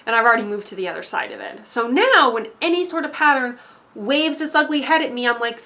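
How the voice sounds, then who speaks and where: A young woman talking straight to camera in an emphatic motivational monologue, swinging between loud insistence and hushed asides. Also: fairly high pitch, lively intonation, quick pace. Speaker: spiritual vlogger.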